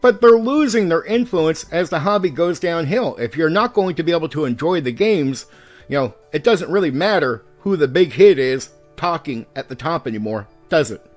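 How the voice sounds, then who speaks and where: A YouTube host and game master rants at the camera in a high-pitched voice, fired up, heated and profane as he pushes his points hard. He deliberately swings between raised and calm speech at a moderate pace, with faint music in the background.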